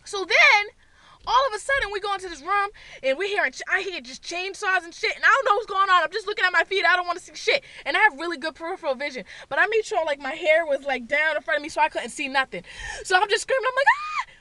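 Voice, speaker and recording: A woman vlogger telling a story from her car, loud and full of swearing, acting out her own screams. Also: extremely high pitch, animated, quick pace, no room sound. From Boston area, USA. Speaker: beauty vlogger. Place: parked car.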